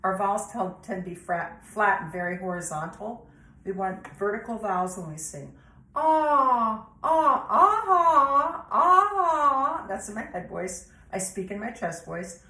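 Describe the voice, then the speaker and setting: A woman with an American accent leading a vocal warm-up lesson, explaining patiently and breaking into sung vowel demonstrations. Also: fairly low pitch, moderate pace, reverberant, poor audio. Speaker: vocal coach.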